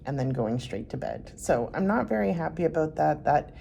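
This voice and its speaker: A woman's voice: deep voice, animated, moderate pace, creaky, mellow, slight background noise. A woman vlogging about her day, tired and emotional, close to tears and sighing as she talks. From Canada. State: tearful. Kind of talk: personal vlog.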